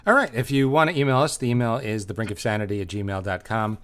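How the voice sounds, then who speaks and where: A man with a somewhat low voice hosting a casual comedy podcast. He reads listener emails aloud and teases his co-host in a dry, wry way. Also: fast, a bit bright.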